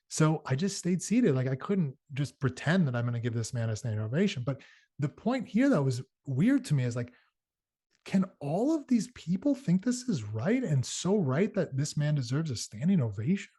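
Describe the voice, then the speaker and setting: A man's voice: medium pitch, dark tone, breathy edge. A middle-aged man hosting a show, talking casually and telling stories with many fillers and restarts. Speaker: podcast host. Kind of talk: casual solo talk.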